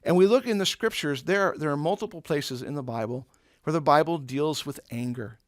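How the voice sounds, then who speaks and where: A man leads a Bible lesson for students in a relaxed, conversational way. He asks the class rhetorical questions and explains ideas with everyday examples. His voice sits a little high, and the recording is close and dry with no room sound. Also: normal speed, dry recording. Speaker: Bible teacher.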